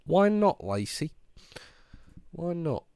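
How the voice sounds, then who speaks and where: Gravelly man, ill, cracking voice. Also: fairly high pitch, sing-song, takes it slowly, dark tone, no echo, clean studio sound. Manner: chatty, laid-back, answers viewers one by one. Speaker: streamer. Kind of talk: casual chat with live viewers.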